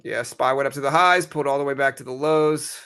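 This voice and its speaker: The tone is clean and the pace brisk as this medium-voiced young man hosts his live trading stream. He has the hiccups and talks loosely, rambling along with plenty of fillers and repeated phrasing.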